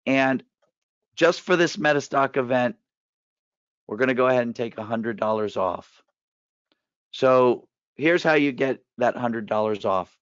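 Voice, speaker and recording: Hoarse man giving a webinar pitch. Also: measured pace, long pauses, no room sound. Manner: direct, persuasive, walks through steps. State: hoarse, raspy voice. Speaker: trading course presenter. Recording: dull, dry lo-fi webinar audio.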